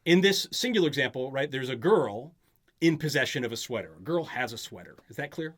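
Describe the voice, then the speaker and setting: A man's voice: medium pitch, lively intonation, brisk, fairly bright tone. A man tutoring a student in grammar in a casual back-and-forth, often checking that she follows. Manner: patient, checks for understanding often. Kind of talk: conversational tutoring session.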